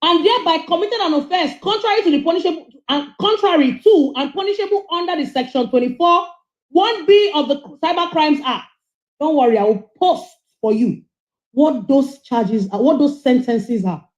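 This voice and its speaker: A woman's voice: high voice, expressive, normal speed, roomy sound, highs cut off. A woman giving passionate, scolding commentary on a livestream as she reads out charges.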